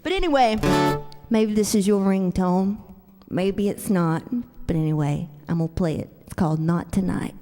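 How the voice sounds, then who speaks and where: A woman's voice: lowish voice, moderate pace. A woman singer-songwriter chatting with the crowd between songs, joking and self-deprecating. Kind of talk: stage banter between songs. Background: guitar music.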